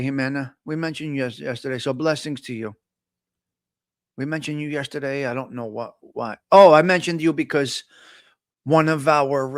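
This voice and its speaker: A middle-aged man, hosting a casual live coffee talk show and chatting in an animated, storytelling way. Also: medium pitch, no echo, clean studio sound. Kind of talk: casual live-stream chat.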